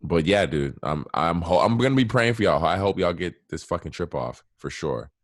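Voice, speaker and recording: A man's voice: sits low, expressive, normal speed, no room sound, studio quality. A man co-hosting a podcast in casual chat, often cutting in with questions and slangy talk. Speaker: podcast co-host.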